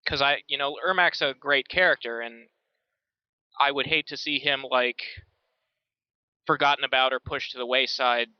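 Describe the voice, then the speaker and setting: A man's voice: mid-range voice, fairly even intonation, normal speed, long pauses, clean tone, no room sound. American man, casual podcast talk, dry lo-fi mic. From United States. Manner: thoughtful, restarts sentences, many "like"s. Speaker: podcast co-host. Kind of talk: casual chat.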